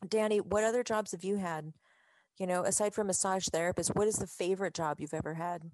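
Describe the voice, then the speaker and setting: A woman's voice: on the low side, steady tone, a little fast, darkish tone, dry recording. A woman co-hosting a podcast, giggly and eager, asking questions in casual chat. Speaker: podcast co-host.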